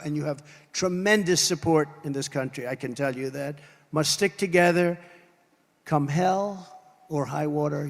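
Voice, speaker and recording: A man's voice: high-pitched, gravelly. An older man giving an emphatic campaign rally speech, hammering home points in punchy repeated lists. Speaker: political candidate at a rally. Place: large rally venue. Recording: long reverb from a large venue.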